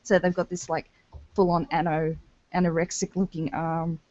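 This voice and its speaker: A woman's voice: on the low side, level tone, moderate pace, darkish tone, muffled recording. A woman chatting casually on a podcast panel, giggly and groping for words.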